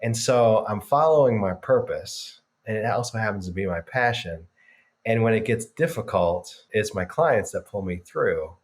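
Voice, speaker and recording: A man's voice: fairly low pitch, lively intonation, normal speed. A man guest on a podcast, earnestly reflecting on his work as a business coach, stressing key words and chuckling now and then. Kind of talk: casual podcast interview.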